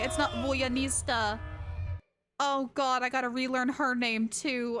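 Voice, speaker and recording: A young woman streaming a video game, commenting casually, excitable and ranting, with lots of laughing and shrieking. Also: high voice, measured pace, loud music behind the voice.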